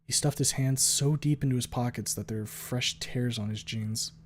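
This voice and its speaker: A man streaming a dramatic first-person story reading in a quiet, subdued voice. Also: medium pitch, moderate pace, a little hiss or hum.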